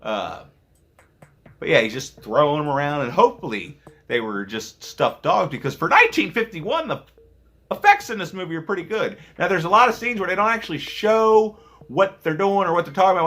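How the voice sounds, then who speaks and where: Brief: male movie vlogger, rambling and jokey, slightly high voice with a lot of swing. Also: expressive, a bit bright. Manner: rambling, joking, profane, quick asides. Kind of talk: casual rambling movie review.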